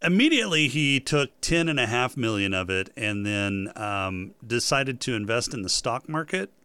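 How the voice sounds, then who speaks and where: Lively man co-hosting a podcast. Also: mid-range voice, moderate pace, clean tone, dry recording. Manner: animated, builds up stories with questions. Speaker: podcast co-host. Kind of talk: casual chat.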